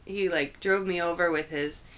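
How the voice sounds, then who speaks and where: A woman's voice: fairly low pitch, steady tone, moderate pace, fairly bright tone. A young woman vlogger telling a story casually, filling her talk with "like" and swearing freely. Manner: chatty, heavy use of "like", frank swearing.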